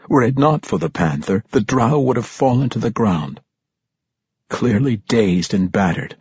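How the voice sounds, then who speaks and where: Husky-voiced man narrating an audiobook. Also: mid-range voice, no echo, muffled recording. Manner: measured, dramatic storytelling that lifts for tense moments. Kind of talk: scripted fantasy audiobook narration.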